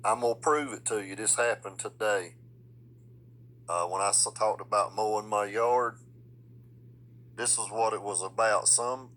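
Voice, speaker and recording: A man's voice: fairly low pitch, fairly bright tone, rough recording. A man from the South, ranting to the camera outdoors on his street, swearing constantly in a blunt, heated way. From Midland, US South. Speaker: vlogger. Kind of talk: angry profane rant to camera.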